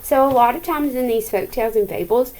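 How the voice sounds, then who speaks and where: A woman's voice: fairly high pitch, a little fast, background noise. Woman teacher reading a story aloud. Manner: chatty, asks the listeners questions.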